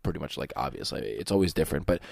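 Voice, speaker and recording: Deep-ish guy talking fast on a podcast, lots of restarts, dry close sound. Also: lively intonation, gravelly, darkish tone, dry recording. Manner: emphatic, restarting, swearing. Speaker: podcast co-host. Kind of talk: casual chat. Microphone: studio mic.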